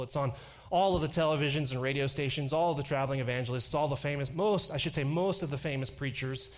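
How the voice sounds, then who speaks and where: A pastor preaching a sermon, building to emphatic peaks and then dropping low. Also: male voice.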